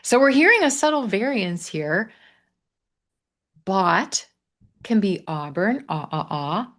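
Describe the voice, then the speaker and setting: A man with a Missouri accent teaching English pronunciation in a live online class, modeling phrases slowly for learners to repeat. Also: sits high, big pitch swings, a bit bright. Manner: slow, drawn-out model phrases. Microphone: video call.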